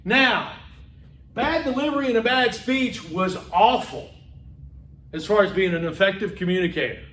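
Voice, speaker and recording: A middle-aged man giving a college lecture in a classroom, loud and animated, with chatty asides and repetitions. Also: high-pitched, normal speed, distant mic, slight background noise. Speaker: college instructor. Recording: echoey room.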